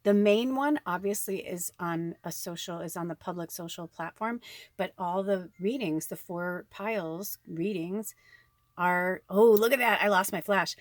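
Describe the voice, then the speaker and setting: A woman's voice: medium pitch, dry recording. A woman giving a tarot reading in a rambling, chatty way, swearing casually now and then. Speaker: tarot card reader. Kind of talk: casual spiritual chat.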